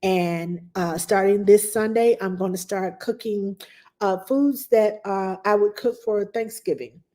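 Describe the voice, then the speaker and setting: A middle-aged woman talks casually to her live-stream viewers. Her voice is mellow and relaxed, and she rambles along, full of fillers and asides. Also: medium pitch, a little slow. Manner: chatty, rambling, with frequent fillers and laughs. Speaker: nanny hosting a live Q&A stream.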